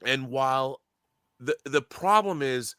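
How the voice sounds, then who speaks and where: Man, podcast co-host, ranting, swears a lot, bright edgy voice, dry sound. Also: medium pitch, lively intonation, slow, clear, resonant tone, no room sound. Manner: emphatic and ranting, swears freely, stumbles and restarts. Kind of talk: casual opinionated chat.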